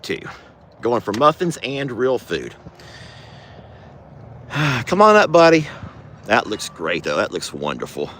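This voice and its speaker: A man's voice: fairly bright tone, slight background noise. A man hosting a casual farm vlog, sweet-talking his animals. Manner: coos at animals in sweet, high baby talk. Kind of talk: casual chat.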